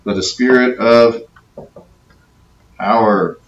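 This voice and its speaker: A man's voice: mid-range voice, fairly even intonation, slow pace, lo-fi sound. A man as youth pastor giving a conversational talk to teens, often checking in with "okay?". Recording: echoey room, from a distance.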